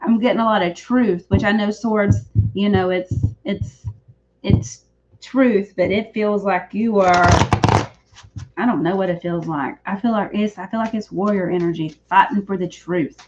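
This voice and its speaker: A woman's voice: medium pitch, moderate pace, a little mellow. A woman doing a live tarot reading, chatty and rambling, often correcting herself, in the back room of a shop. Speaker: psychic reader. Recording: dull lo-fi stream audio.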